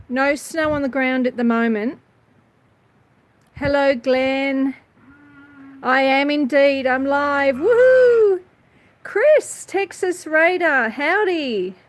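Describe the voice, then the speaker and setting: Aussie woman chatting on her verandah livestream, slow and high-pitched, nervy little giggles. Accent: Australian. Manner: chatty, warm greetings, nervous giggles. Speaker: homestead channel host. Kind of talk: casual livestream chat greeting viewers. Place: outdoors on a front verandah. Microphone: phone.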